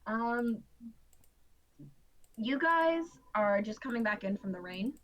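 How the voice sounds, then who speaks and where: A woman's voice: fairly high pitch, expressive, slow, fairly bright tone, low-quality recording. A tired woman narrating as game master, casual and swearing, often laughing and tripping over her words.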